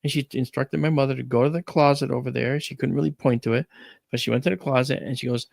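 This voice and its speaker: A man's voice: medium pitch, fast talker, creaky, no room sound. A man hosting a talk stream, chatting casually and telling a family story with lots of animation. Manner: animated storyteller, acts out quoted voices. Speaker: podcast host.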